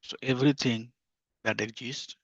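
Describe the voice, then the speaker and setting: A man's voice: medium pitch, fairly even intonation, moderate pace, gravelly, a bit bright, slightly rough, no room sound. A man giving a scripture class in an earnest teaching tone, often repeating key phrases. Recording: dull lo-fi dry recording.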